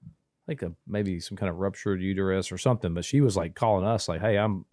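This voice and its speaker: A man, his voice sitting a little low, tells a winding story with many restarts and quoted exchanges. It is casual podcast talk, recorded close and dry with no room sound. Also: fast, a little mellow, no room sound. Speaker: guest telling a family story.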